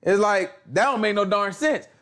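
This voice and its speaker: A man leads a relaxed Bible study, breaking down a passage in loose, slangy speech. He is animated and now and then acts out street-style exchanges. His voice sits a little on the high side. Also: normal speed. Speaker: Bible teacher. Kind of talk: casual Bible study explanation.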